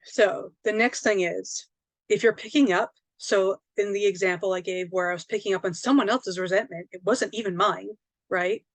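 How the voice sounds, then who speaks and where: A young woman teaching a live spiritual class in a chatty, animated way, laughing often and checking in with "okay?" and "right?". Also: medium pitch, normal speed, no echo.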